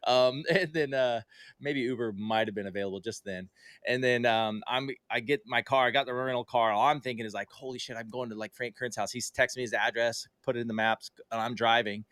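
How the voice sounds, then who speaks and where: Podcast guest guy, mid pitch, dry sound, chatty storyteller doing little voices for quotes, lots of ums. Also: brisk, clean tone, no room sound. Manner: animated storyteller, acting out quoted dialogue in livelier tones; conversational, with frequent fillers and self-corrections. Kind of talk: casual storytelling in a podcast interview.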